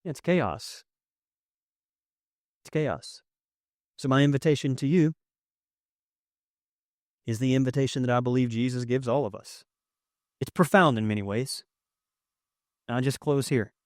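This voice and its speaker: A young man preaching a sermon as pastor, conversational and emotional, swinging from loud to hushed. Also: mid-range voice, normal speed, long pauses, no room sound, studio quality. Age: young adult. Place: church sanctuary with audience.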